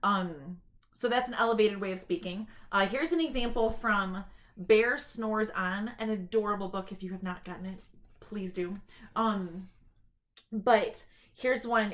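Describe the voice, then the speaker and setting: A woman giving an informal talk to camera, sharing tips on reading aloud to children in a chatty, explanatory way. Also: medium pitch. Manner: chatty and explanatory, with quick read-aloud demonstrations.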